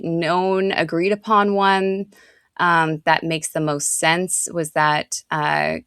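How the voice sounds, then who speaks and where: Here a thirtysomething woman rambles through a casual podcast conversation as co-host, dropping fillers often. Her low, gravelly voice is fairly bright, clear and resonant. The sound is studio quality, free of echo.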